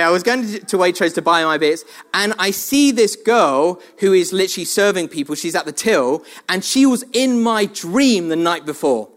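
A man preaching a sermon, telling funny stories about himself and laughing often. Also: high voice. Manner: animated, self-mocking storytelling with frequent laughs.

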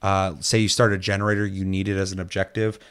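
A man's voice: deep voice, fast talker, clean tone. A man in casual chat, telling game stories with lots of swearing and acted-out quotes. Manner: animated storytelling, swears a lot, acts out quotes.

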